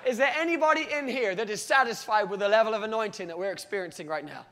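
Man preaching a sermon, very high pitch; builds to loud, stretched-out calls, then falls back low. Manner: rises to loud, drawn-out cries, then drops low.

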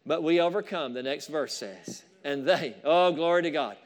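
A man preaching a fervent sermon, with asides to the congregation and rising shouts of praise. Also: fairly high pitch, normal speed. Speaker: pastor.

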